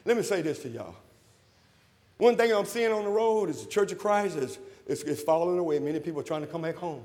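A man, preaching a sermon to a responding congregation, fervent and rising to shouts. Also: a little high, expressive, brisk. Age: 60s. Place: church sanctuary. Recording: long hall reverb.

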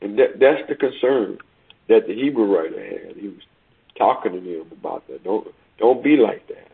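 A man preaching a sermon and reading scripture aloud, slow and emphatic, repeating words and stretching key phrases. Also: fairly low pitch, creaky, husky. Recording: tinny phone-like recording.

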